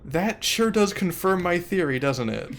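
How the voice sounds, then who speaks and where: Speaking in a high, expressive voice at an unhurried pace, a game streamer chats casually while playing. He thinks aloud and reads the in-game text to a friend, with slight background noise.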